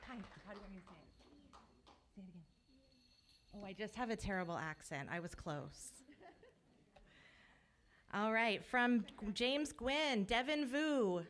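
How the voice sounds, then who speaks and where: A woman's voice: medium pitch, unhurried, pauses often, noisy background. A woman calling up students at a school board award ceremony, friendly and careful to say each name right. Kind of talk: reading names at a ceremony. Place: school board meeting room.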